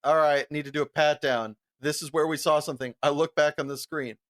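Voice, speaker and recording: A young man co-hosting a podcast, telling a long, profane, animated story and often breaking into laughter. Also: on the high side, fairly quick. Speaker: podcast co-host. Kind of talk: casual storytelling chat.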